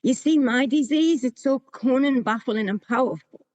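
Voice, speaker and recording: A woman's voice: high-pitched, moderate pace, darkish tone, no echo, dull audio. A woman, telling her own recovery story to a meeting in a candid, plain-spoken way. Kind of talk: sharing a personal recovery story.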